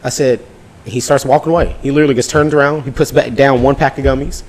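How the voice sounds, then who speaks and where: Fast-talking, animated male storyteller. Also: medium pitch. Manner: animated, profane, acts out dialogue. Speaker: podcast host. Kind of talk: casual storytelling.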